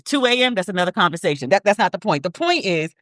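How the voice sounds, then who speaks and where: A woman's voice: medium pitch, big pitch swings, fast talker, a bit bright, no room sound. A woman hosting a podcast in blunt, profane commentary, repeating words for emphasis as she reads statements aloud. Her voice sits in the middle of the range. The sound is dry and close, with no room around it. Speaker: podcast host. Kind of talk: casual commentary.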